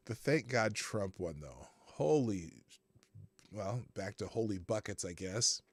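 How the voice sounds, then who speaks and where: A man hosting a live political commentary show, animated, sarcastic and profane as he reads out the news. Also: fairly low pitch, takes it slowly, pauses often, breathy edge, dry recording. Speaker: host.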